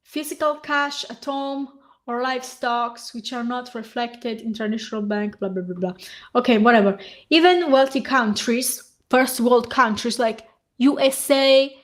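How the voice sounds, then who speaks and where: High-pitched woman ranting angrily. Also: measured pace. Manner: heated, profane, ranting while reading aloud. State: hoarse. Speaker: vlogger. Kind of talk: angry reaction rant.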